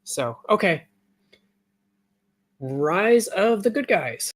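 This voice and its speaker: A man's voice: sits high, big pitch swings, extremely slow, a bit bright. Laid-back man running a tabletop game. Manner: laughing, loose and casual. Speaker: game master.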